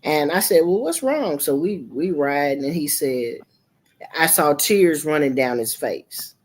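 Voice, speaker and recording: Animated, profane middle-aged woman storyteller. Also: deep voice, a little slow. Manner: animated, profane, jumps into quoted voices. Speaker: livestream host. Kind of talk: casual storytelling chat. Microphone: streaming setup mic.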